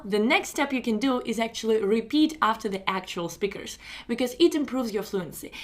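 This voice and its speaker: Woman teaching English speaking. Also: fairly high pitch. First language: Russian. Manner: encouraging, repetitive, measured with pauses. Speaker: English test-prep teacher. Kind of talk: recorded online lecture.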